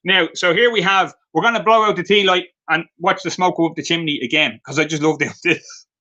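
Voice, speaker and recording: An Irish vendor showcases handmade pieces live, his voice on the high side, sharp-toned and a little fast, in a muffled recording. Expect chatty, light-hearted storytelling thick with fillers.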